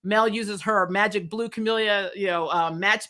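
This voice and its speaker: Here a woman reviews a TV episode in a sharp, medium-pitched voice with fairly even intonation and normal pace. Her spoiler-filled vlog chat is frank and talkative, full of laughter and swearing.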